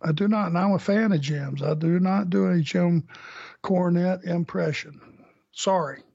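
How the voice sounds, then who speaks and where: A man's voice: high-pitched, unhurried, vocal fry, darkish tone, slightly rough, dry recording, lo-fi sound. A man speaking as a guest in a casual conversation, answering dryly.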